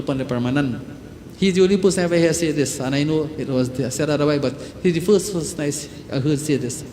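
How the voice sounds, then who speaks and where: A man's voice: on the high side, a little mellow. A middle-aged man with a Trinidadian accent preaching a sermon as a pandit, repeating key phrases for emphasis and chanting short mantras. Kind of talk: sermon at a satsang. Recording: long hall reverb.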